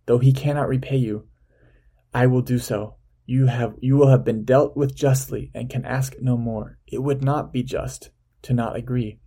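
A man voicing a calm, kind male mediator who offers to pay a debt, with a husky, mellow voice. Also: medium pitch, normal speed. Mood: reassuring. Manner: calm, reassuring.

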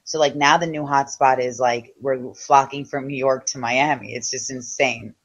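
A woman's voice: a bass voice, steady tone, normal speed, breathy edge. Woman guest, frank and chatty, muffled remote audio. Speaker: guest, comedian and podcast host. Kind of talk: casual interview chat.

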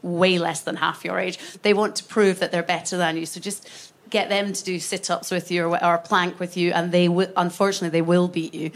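A woman's voice: on the low side, flat delivery, a little fast, hardly any pauses. A woman co-hosting a live podcast, chatting in rambling, self-deprecating anecdotes. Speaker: podcast co-host. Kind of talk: casual live podcast chat. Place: live event in a shop.

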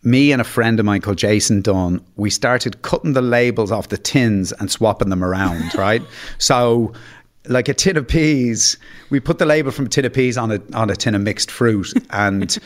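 A man's voice: fairly low pitch, normal speed. A man, a podcast guest, telling comic anecdotes in a self-deprecating way, often stumbling and restarting his sentences. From Ireland. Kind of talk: anecdotal storytelling.

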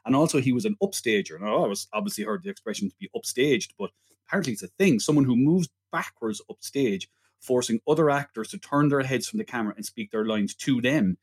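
A man's voice: mid-range voice, lively intonation, fast talker, husky. A man co-hosting a film podcast in casual chat, rambling and jokey. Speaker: podcast co-host.

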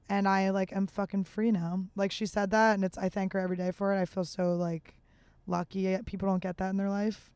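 A woman sharing a heartfelt personal story in a candid, open way, with frequent fillers. Her voice is smooth and clear. It sounds dry and close, with no room around it. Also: medium pitch, flat delivery, fairly quick, darkish tone, no room sound. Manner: emotional and open, with many fillers. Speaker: guest.

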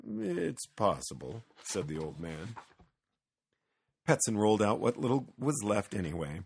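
A man narrating a children's storybook reading in a gentle, unhurried way. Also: lowish voice, expressive, slight background noise.

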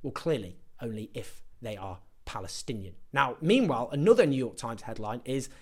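A man's voice: medium pitch, lively intonation, moderate pace, slightly rough. A man giving an impassioned political commentary, sarcastic and emphatic as he builds his points.

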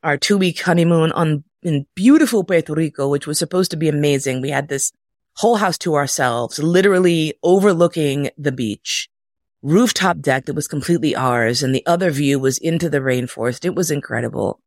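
A middle-aged woman casually telling a personal story, animated and profane, jumping into high voices when quoting. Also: brisk, no echo, clean studio sound.

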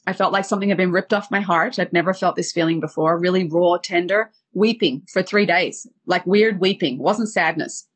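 A woman's voice: lowish voice, a little fast, hardly any pauses, breathy edge. A woman dating coach telling a personal story with feeling, acting out the quotes. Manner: vivid retelling with acted quotes.

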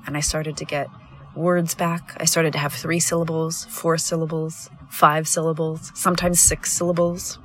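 A woman with a notably low voice, hosting her own podcast as a coach. She talks earnestly and candidly, pausing and restarting as she reflects. She is sitting in a car pulled over at the roadside. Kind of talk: reflective personal monologue.

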